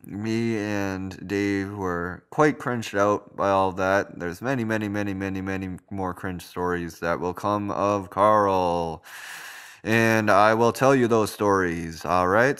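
Smooth low-voiced young man telling stories. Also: a bit bright. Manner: rambling, many filler words. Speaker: storyteller. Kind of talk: casual storytime narration.

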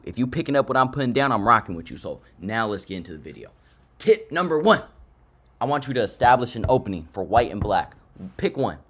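Slangy, hyped young man. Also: on the low side. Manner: slangy, hyped, talks straight to viewers. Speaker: chess content creator. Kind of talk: casual chess tutorial.

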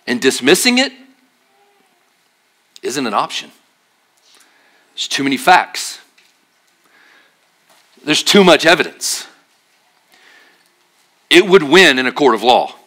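A man preaching a sermon at church, telling stories with jokes and acted-out voices, then dropping to a quiet, earnest tone for serious points. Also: medium pitch, takes it slowly, long pauses. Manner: animated, jokey storytelling with acted-out voices. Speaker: pastor.

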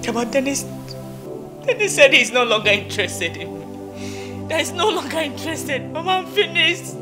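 A woman's voice: sits high, animated, normal speed, over music. An actress playing a distraught, tearful young woman who has been jilted, speaking Nigerian English. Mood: despairing. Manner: crying, despairing. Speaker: daughter.

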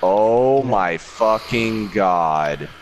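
A man's voice: fairly low pitch, animated, drawn-out words, faint music behind. A man chatting casually while playing an online game with friends, swearing and exasperated at things going wrong. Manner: exasperated, swearing, laughing at failures. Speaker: gamer. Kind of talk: casual gaming chat.

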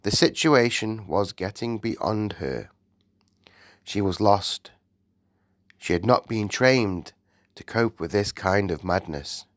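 A man narrating a children's audiobook in a deliberate, expressive storytelling manner. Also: lowish voice, dry recording, clean studio sound. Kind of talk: scripted narration.

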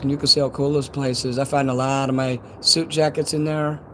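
A man with a Chicago accent rambles through a casual live-stream chat outdoors at night. His pitch sits in the middle for a man, and he talks in a loose, chatty way that is full of swearing. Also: little pitch movement, a little fast, slight background noise. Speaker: livestreamer.

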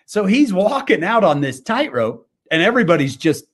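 A man's voice: sits high, sing-song, normal speed. A man giving a devotional fireside talk, telling a story with animation and frequent fillers and restarts. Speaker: speaker.

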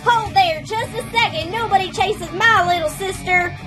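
A woman's voice: extremely high pitch, moderate pace, raised voice, over music. A woman voicing a confident, dependable country pony mare in a toy skit, speaking in a reassuring, countrified way. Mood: firm.

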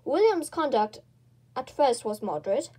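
A woman's voice: sits high, very animated, moderate pace, mellow, slightly rough, full character voice. A woman reading aloud and voicing a fussy, self-important male mouse who lectures pompously.

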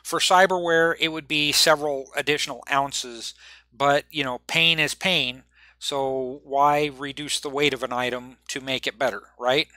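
A man running a tabletop game as game master, relaxed and rambling, laughing often. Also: mid-range voice, normal speed, no room sound.

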